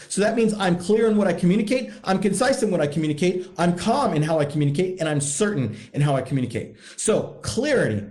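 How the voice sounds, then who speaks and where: A man's voice: sits high, sing-song, normal speed, few pauses, darkish tone. A man coaching husbands in a blunt, profane, emphatic monologue, hammering points home by repeating them. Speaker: podcast host, men's coach.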